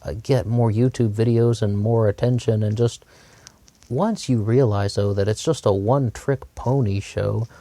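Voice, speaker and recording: Low, mellow-voiced man rambling opinions. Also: fairly even intonation, moderate pace, no room sound. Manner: rambling, hesitant, repeats himself. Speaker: commentator. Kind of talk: opinion monologue.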